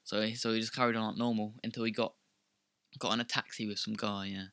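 A man's voice: fairly low pitch, flat delivery, quick pace, fairly bright tone, no echo. A young man co-hosting a podcast, telling stories in a rambling, loose, casual way. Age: young adult. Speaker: podcast co-host. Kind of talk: casual chat.

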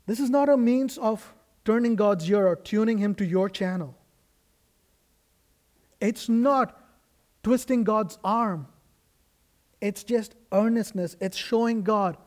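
A man's voice: high-pitched, slow, pauses often, darkish tone. A man preaching a sermon as a guest pastor in a church, earnest and emphatic, with frequent restarts. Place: church sanctuary.

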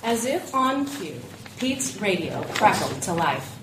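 A woman's voice: medium pitch, very animated, slow. Woman narrating a story in an echoey room. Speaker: guest reader. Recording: echoey room from a distance with faint noise.

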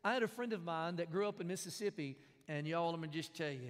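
Male pastor, high-pitched, folksy preaching in a reverberant church hall. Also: quick pace, few pauses. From American South. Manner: conversational preaching with jokes and repeated phrases. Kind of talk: sermon.

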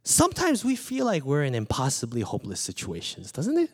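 A man in his thirties preaching a sermon, telling personal stories in an animated, playful way. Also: a little high, a little fast, breathy edge. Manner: animated storytelling, acts out his small daughter's lines. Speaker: pastor.

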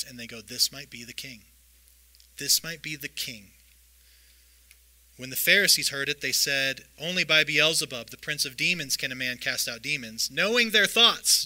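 A man preaching a sermon, reading scripture aloud and retelling the stories in a lively way. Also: fairly high pitch, low-quality recording. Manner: lively storytelling, reads scripture aloud with voiced asides. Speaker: pastor.

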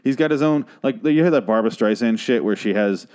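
A man hosting a podcast, recapping a TV episode in a rambling, sarcastic, profane rant, his voice a little hoarse. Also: mid-range voice, a little fast, darkish tone. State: voice getting hoarse.

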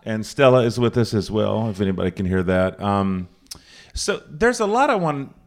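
This Charlotte, North Carolina podcast host has a fairly low voice with big pitch swings and a moderate pace. Hosting a house concert in a living room for a few people, he speaks casually, rambling, joking, and interrupting himself.

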